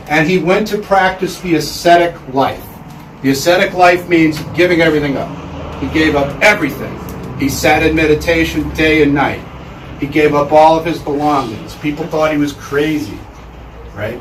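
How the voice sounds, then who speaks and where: A man's voice: on the high side, a little hiss or hum. A man giving a casual lecture to a room of listeners, chatty and full of fillers, getting the audience to repeat words aloud. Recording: echoey room, mic far off.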